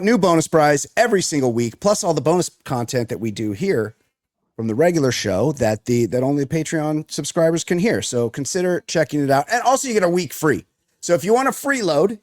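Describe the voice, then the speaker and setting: A man's voice: fairly high pitch, a little mellow, dry recording, clean studio sound. Upbeat joking man hosting a podcast. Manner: upbeat, jokey and rambling. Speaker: podcast host. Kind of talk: casual comedy podcast chat.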